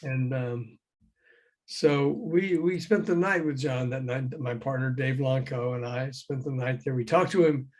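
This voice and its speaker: A man's voice: medium pitch, measured pace. Older man telling stories over a call. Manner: lively raconteur who acts out the people he quotes. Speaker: guest, former record promoter. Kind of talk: anecdotal storytelling on a call. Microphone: video call.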